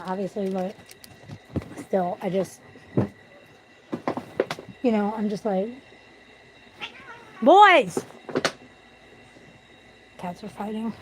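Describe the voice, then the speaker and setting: A woman's voice: medium pitch, warm tone, slight background noise, low-quality recording. Blunt, profane woman ranting at home. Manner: blunt, profane, venting about corruption. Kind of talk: casual livestream rant. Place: at home with pets.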